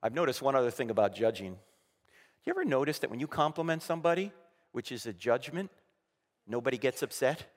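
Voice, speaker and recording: A man's voice: medium pitch, lively intonation, fairly quick, big-room sound. A man preaching a sermon to a congregation, emphatic and full of rhetorical questions, acting out the voices he quotes. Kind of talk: sermon with slides. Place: church auditorium.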